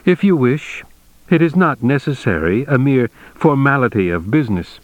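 A man's voice: mid-range voice, animated, slow pace, no room sound, voice pushed up. A man reading an audiobook, voicing an anxious, eager-to-please male antique dealer with clipped, fawning speech. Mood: feigned calm.

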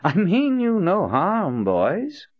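A man's voice: high voice, wildly swooping pitch, slow, no echo, pitched above the performer's own voice, full character voice. A man voicing a grand, theatrical older male prophet who talks in a silky, mocking, commanding way. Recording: dull lo-fi audiobook recording.

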